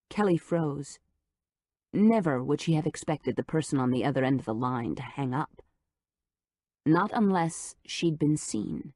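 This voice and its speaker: A woman narrating an audiobook in a measured, low-key manner on a close studio mic. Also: lively intonation, darkish tone, no echo. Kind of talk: scripted narration.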